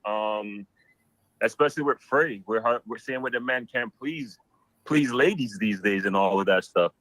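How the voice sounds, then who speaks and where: A man calling in, telling a story in an animated, exclamatory, slangy way. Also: on the low side, measured pace, dry recording, low-quality recording. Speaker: caller.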